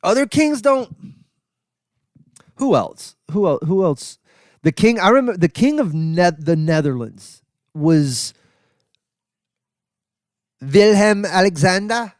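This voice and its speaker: A man hosting a comedy podcast, riffing sarcastically in a rambling, profane monologue full of restarts and sudden high exclaims. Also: very animated, a little slow, long pauses, a little mellow, no echo, clean studio sound. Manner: jumps into high exclaims for emphasis. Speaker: podcast host.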